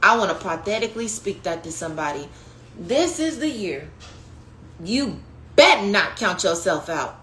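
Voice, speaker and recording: A woman preaching a prophetic teaching on her podcast, in a passionate, conversational way that swings from hushed to loud, calling listeners "baby" and "y'all". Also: medium pitch, sing-song, moderate pace. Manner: passionate, conversational preaching with sudden rises and drops. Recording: echoey room with faint noise.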